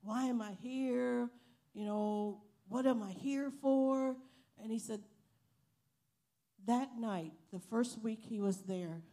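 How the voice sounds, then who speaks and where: Slow-preaching woman with a high voice. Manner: slow, emphatic preaching that swells to loud hallelujahs. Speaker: missionary preacher and Bible college teacher. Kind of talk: sermon with storytelling.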